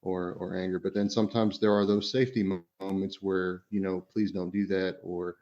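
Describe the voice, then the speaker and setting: A father on a casual podcast, speaking in a very low voice and rambling along with constant "you know" fillers. The audio sounds dull and lo-fi, and his thoughts wind through restarts before landing. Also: steady tone, fairly quick, a little mellow.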